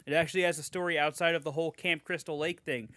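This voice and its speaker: A man's voice: fairly high pitch, steady tone, fast talker, pushed and bright, no echo. A young man co-hosting a podcast, reading fan reviews aloud in a mock-enthusiastic way, swearing casually. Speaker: podcast co-host.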